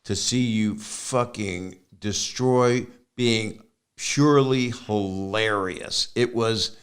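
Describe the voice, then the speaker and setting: A man's voice: fairly low pitch, slow pace, smooth. A man in his sixties hosting a podcast, asking rambling, enthusiastic questions in casual chat. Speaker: podcast host.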